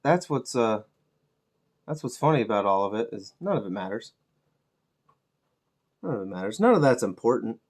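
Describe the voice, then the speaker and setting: A middle-aged man talks in a loose, rambling way while he paints miniatures. His voice sits a little low, and he swears freely and pokes fun at himself in an easygoing, unhurried manner. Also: very animated. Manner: laid-back, swears freely, self-mocking humor. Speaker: miniature painting channel host.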